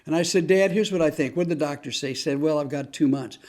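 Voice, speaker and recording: A man hosting a talk on grief and humor, telling a true story with earnest, slow, emphatic phrasing. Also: fairly high pitch, darkish tone. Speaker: host.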